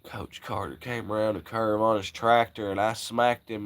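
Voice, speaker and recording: A man's voice: fairly low pitch, flat delivery, normal speed, hardly any pauses. A man hosting a livestream, telling crude, rambling stories in casual chat with frequent laughs. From Southern United States. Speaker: livestream host.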